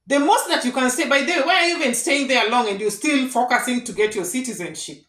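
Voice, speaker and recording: A woman's voice: sits high, fast talker, a bit bright. A woman giving earnest, repetitive advice straight to her viewers in a casual vlog. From Kenya. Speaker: vlogger giving advice to immigrants. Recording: echoey room.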